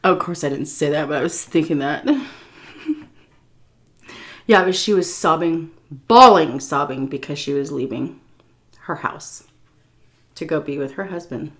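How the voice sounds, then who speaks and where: A woman food vlogger telling a story while she eats, animated, with swearing and laughter. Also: deep voice, unhurried, pauses often. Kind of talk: story time while eating.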